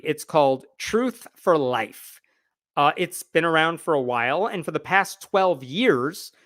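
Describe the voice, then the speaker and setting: A man's voice: fairly high pitch, a bit bright, dry recording. Sarcastic guy doing a live news rundown, voice bouncing all over, dry close sound. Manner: sarcastic, conversational; reads quotes aloud with shifting emphasis. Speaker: host.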